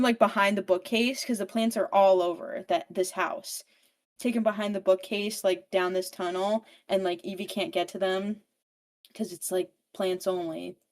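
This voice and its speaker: A young woman on a book podcast recaps a plot in an easy, animated rush, with plenty of swearing. Her voice sits at an ordinary middle pitch. She sounds casual and unscripted. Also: moderate pace. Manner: profane, animated storytelling.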